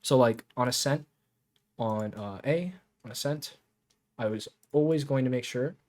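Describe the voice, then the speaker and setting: Male coach, mid-pitched, easygoing, talks players through their mistakes with a chuckle and a loose tongue. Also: measured pace, a little mellow. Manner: laid-back, chuckles often, swears casually. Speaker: game coach. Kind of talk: casual coaching talk over gameplay footage.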